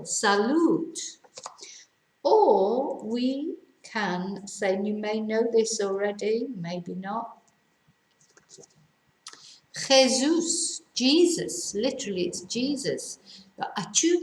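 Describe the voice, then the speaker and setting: Woman teaching phrases in an echoey room. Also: medium pitch. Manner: chatty, repeats phrases slowly for learners. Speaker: language teacher. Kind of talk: casual language lesson.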